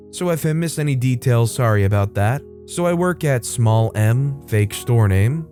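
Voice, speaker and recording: A man narrating stories and commenting on them in a plain, matter-of-fact way. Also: mid-range voice. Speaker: story narrator. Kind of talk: reading stories aloud. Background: soft music.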